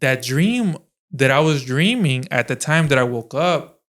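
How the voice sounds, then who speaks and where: A man's voice: mid-range voice, animated, a little slow, a bit bright. A young adult man hosting a podcast, telling a long story in a rambling way, with lots of fillers and restarts. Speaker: podcast host. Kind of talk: casual chat.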